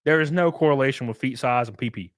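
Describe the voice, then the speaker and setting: A man's voice: medium pitch, fast, no room sound. A young man casually chatting on a livestream, reading chat aloud with crude, rambling jokes.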